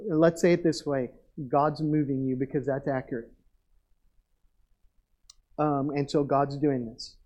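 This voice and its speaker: Man, middle-aged pastor, sermon, earnest, repeats for emphasis, slightly high voice, dull lo-fi sound. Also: moderate pace.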